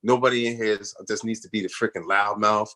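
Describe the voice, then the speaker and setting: Animated slangy man telling stories. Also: fairly low pitch, fast. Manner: animated storyteller, acts out others' voices in quotes; slangy, repeats "you know what I'm saying". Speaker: guest actor on a radio show. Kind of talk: casual storytelling interview.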